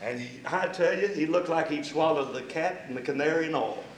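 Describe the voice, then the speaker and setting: A man's voice: a little high, brisk, reverberant, a little hiss or hum, low-quality recording. A man preaching a sermon, emphatic and folksy, mixing scripture with homespun stories.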